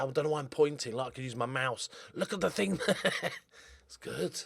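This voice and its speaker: Excitable man commentating on a game. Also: medium pitch, brisk, gravelly, slightly rough, no room sound, clean studio sound. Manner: excitable, swings from mumbled asides to loud outbursts. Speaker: gaming YouTuber. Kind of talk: casual gameplay commentary.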